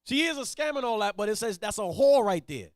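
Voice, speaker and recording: Blunt high-voiced man preaching hard. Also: big pitch swings, fairly quick, no echo. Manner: blunt, preachy, swings from mutters to shouts. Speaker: teacher leading a Bible reading. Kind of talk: street-style Bible teaching.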